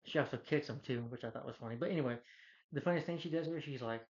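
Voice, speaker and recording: A fast-talking film reviewer goes through a movie's plot casually, rambling and filling gaps with fillers. His pitch is ordinary, and the audio is dull and lo-fi.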